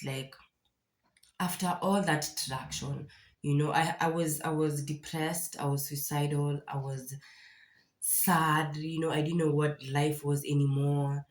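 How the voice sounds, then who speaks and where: Near tears and distressed, a young Kenyan woman speaks candidly in a casual confessional vlog, frequently starting over. Her voice is low with fairly even intonation and a slightly slow pace, recorded in an echoey room.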